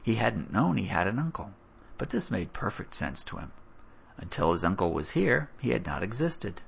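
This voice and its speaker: A man narrates a story, his low voice gravelly and slightly husky. His telling rises and falls with lively expression. The recording is dull and lo-fi. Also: normal speed, a little hiss or hum. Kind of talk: audiobook narration.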